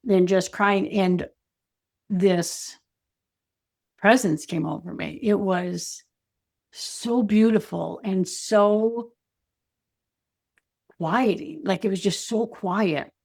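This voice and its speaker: A woman speaking as an interview guest, telling a personal story in a reflective, halting way with many "you know" and "like" fillers. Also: mid-range voice, gravelly, a little mellow. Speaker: intuitive guide and energy advisor, guest.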